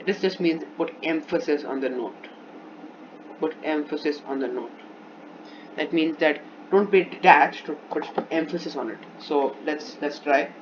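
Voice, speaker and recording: A man's voice: on the high side, measured pace, background noise. A man teaching a music theory lesson off the cuff, often restarting and repeating himself while he demonstrates. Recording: dull lo-fi recording with instrument playing.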